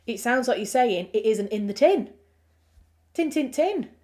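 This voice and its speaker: A woman's voice: fairly high pitch, lively intonation, a little slow, a little mellow. A woman with a Yorkshire accent, a writer hosting a livestream, chatting casually and rambling as she reads out comments, laughing often. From Yorkshire, England.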